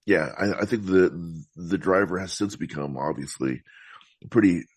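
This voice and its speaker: Very deep-voiced man musing about films. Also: breathy edge, dry recording. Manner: thoughtful, meandering, halting with restarts. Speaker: podcast guest, film critic. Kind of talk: casual film discussion.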